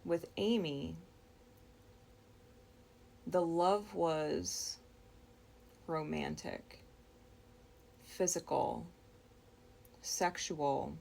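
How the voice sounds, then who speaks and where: A woman with a low, gravelly voice tells of a dream she had. She talks very slowly and thoughtfully, pausing often and restarting her words as she goes. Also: mellow, slight background noise. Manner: slow, reflective, with frequent pauses and restarts. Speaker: storyteller. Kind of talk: recounting a dream.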